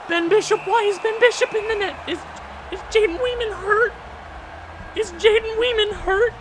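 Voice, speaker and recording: A man giving excited let's-play commentary, yelling at the game and swinging between frantic outbursts and hushed disbelief. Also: very high voice, moderate pace, slight background noise. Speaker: gaming video creator. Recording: game music playing behind the voice. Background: video game music.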